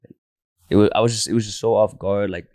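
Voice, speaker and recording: A man's voice: on the low side, fairly even intonation, fast, a little mellow, dry recording, clean studio sound. A man telling a personal story in casual slang, saying "bro" nearly every line, speaking into a handheld mic. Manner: slangy, says "bro" constantly. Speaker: podcast co-host.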